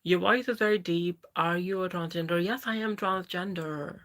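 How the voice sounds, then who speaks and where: A trans woman in her thirties hosts a live Q&A stream, reading viewer comments aloud and greeting people by name. She speaks haltingly, correcting herself, in a lowish voice.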